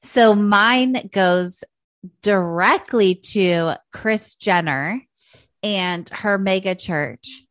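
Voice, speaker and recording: A woman's voice: mid-range voice, extremely slow, a bit bright, no echo. Profane, gossipy woman on a dry mic. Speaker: podcast co-host. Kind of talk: casual chat.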